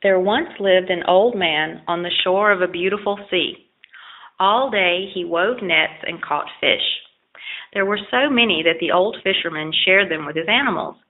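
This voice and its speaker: A woman reading a children's folk tale aloud at a steady, plain pace. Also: fairly low pitch, moderate pace. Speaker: audiobook reader. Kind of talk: storybook narration. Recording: tinny phone-like lo-fi recording.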